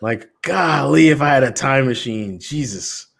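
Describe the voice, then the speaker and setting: A man co-hosting a podcast, reading promos in a loose, joking way and jumping between loud and soft. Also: medium pitch, a little slow, creaky. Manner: animated, jokey, swings loud and soft. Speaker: podcast co-host. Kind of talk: casual chat with show promos.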